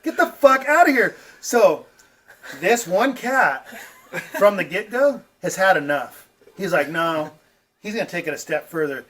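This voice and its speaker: A man hosting a podcast, telling a profane, animated story and laughing as he goes. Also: on the high side, a little slow, long pauses, breathy edge, far from the mic. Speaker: podcast host. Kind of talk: casual storytelling. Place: outdoor front porch.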